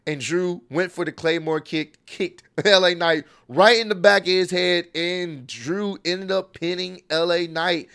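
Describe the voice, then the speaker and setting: A man's voice: fairly high pitch, fairly bright tone. A man giving a casual, opinionated spoken recap of a show, rambling with frequent fillers. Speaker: wrestling recap vlogger.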